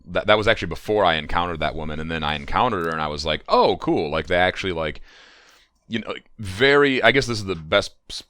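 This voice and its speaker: A man's voice: deep voice, lively intonation, fast, sharp tone, clear, resonant tone, no echo, clean studio sound. A man co-hosting a casual gaming podcast, rambling enthusiastically with lots of "uh" and "like". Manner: rambling, many fillers, enthusiastic. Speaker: podcast co-host. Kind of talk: casual chat.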